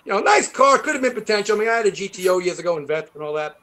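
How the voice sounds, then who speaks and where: A man's voice: high-pitched, animated, very fast, pushed and bright. A man, a guitarist guest in a casual interview, rambling, swearing and laughing as he tells stories. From New York. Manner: swearing, rambling storyteller who laughs often.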